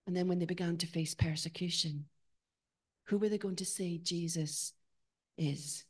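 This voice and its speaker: Woman preaching an animated sermon. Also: on the low side, normal speed, husky. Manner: animated, rising to emphatic peaks and dropping to quiet questions. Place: church.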